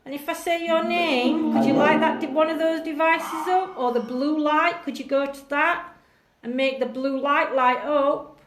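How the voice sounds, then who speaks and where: Slow-talking woman calling out to spirits. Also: high voice, fairly even intonation. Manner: calls out to spirits, reads out viewer comments. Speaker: paranormal investigator. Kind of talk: live-streamed ghost hunt. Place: echoey old jail building. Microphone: phone livestream. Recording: echoey room, faint music.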